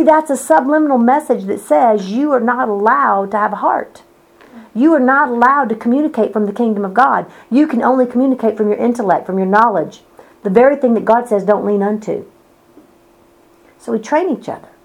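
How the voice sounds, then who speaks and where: A woman's voice: fairly high pitch, vocal fry, poor audio. A woman preaching a sermon, with emphatic, repetitive phrasing and rhetorical questions to the listeners. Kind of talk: sermon teaching.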